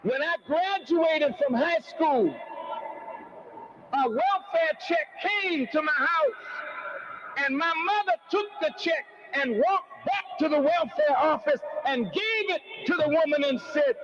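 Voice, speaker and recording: High-pitched male preacher, slow and declamatory, loud stresses, lo-fi noisy live tape. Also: expressive. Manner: declamatory, shouting for emphasis, drawn-out words. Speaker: preacher addressing a congregation. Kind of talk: fiery sermon.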